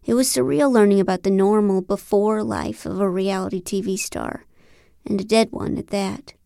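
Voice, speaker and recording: A woman narrating a novel in the first person, with a wry, deadpan delivery. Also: medium pitch, moderate pace, creaky, no room sound, clean studio sound. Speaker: audiobook narrator.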